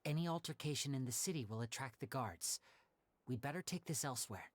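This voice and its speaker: A woman voicing a calm, level-headed young female adventurer in a video game. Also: very deep voice, dry recording. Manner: calm, measured.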